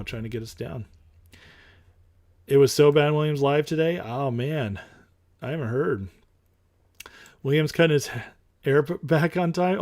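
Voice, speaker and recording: Man, livestream host, casual, emphatic, rambling, mid-pitched voice. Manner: rambling and emphatic, with fillers and restarts. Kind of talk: casual livestream chat, reading viewer comments.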